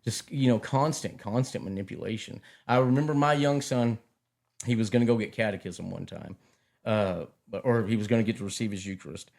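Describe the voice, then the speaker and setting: A middle-aged man in casual chat, telling stories in an animated way and often repeating his words. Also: on the low side, fairly quick, vocal fry.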